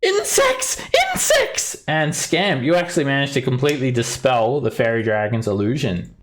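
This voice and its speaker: A man's voice: medium pitch, fairly even intonation, fairly quick, soft background music. A man narrating as game master, talking casually and filling his lines with "like" and "uh". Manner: chatty, full of "like" and "uh".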